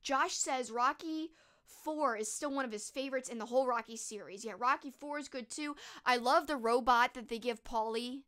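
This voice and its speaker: A woman's voice: a little high, moderate pace, fairly bright tone. A young woman streamer chatting casually and reading out viewer comments, gushing and full of fillers.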